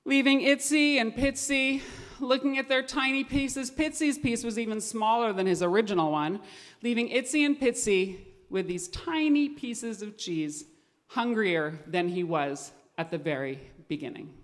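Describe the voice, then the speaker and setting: A woman narrating a children's story at a family service, lively and animated. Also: fairly high pitch, normal speed. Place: synagogue sanctuary. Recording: echoey hall with long reverb.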